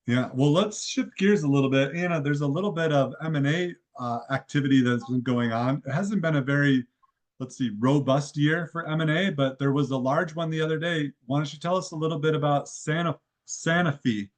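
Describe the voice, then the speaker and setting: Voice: mid-range voice, brisk. A moderator with a Midwestern accent, steering the discussion in a light, easygoing way. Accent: Midwestern American. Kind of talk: casual moderating.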